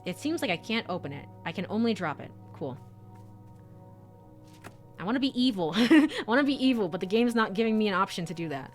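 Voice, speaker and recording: A woman's voice: medium pitch, lively intonation, a little fast, faint music behind. A young woman streaming a video game, chatting casually, bubbly and giggly, gushing over cute things. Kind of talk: casual let's-play commentary.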